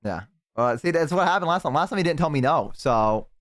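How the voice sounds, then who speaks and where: Excitable young male streamer, dry close mic. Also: a little fast, no room sound. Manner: excitable, swears a lot, jumps to high-pitched outbursts. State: has the hiccups. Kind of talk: casual stream chat with a friend.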